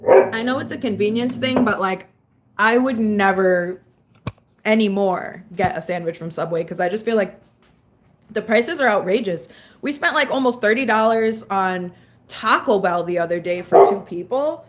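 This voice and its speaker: Speaking at a moderate pace in a mid-range voice, this woman chats on a home live stream, answering viewers' comments and telling off her dog now and then. There's slight background noise.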